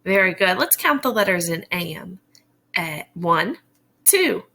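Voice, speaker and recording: A woman teaching a phonics lesson to little children, drawing out each letter sound with care. Her voice is bright and forward, and she takes her time between words. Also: on the low side, big pitch swings, creaky. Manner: slow, exaggerated sounding-out of letters.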